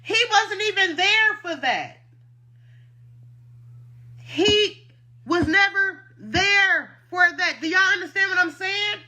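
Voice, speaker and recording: Woman, high-pitched, bright tone, indignant, defensive, repeats herself for emphasis. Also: slow pace, long pauses. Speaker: food truck owner. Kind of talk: emotional personal statement.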